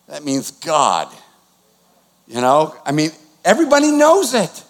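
A man's voice: fairly high pitch, wildly swooping pitch, a little slow. A man, preaching a conversational sermon with sudden swings in volume. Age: 60s. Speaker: pastor. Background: new-age music.

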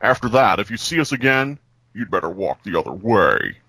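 A man putting on a bored gravelly teen bully. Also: fairly low pitch, moderate pace, dry recording, heavily acted. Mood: menacing. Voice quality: flat, gravelly, perpetually bored. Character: bored menacing teenage male bully.

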